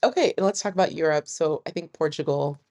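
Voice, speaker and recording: Woman, thirties, low voice, casual vlogger, chatty, laughs often. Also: quick pace, dark tone. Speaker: travel vlogger. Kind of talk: casual talk to camera.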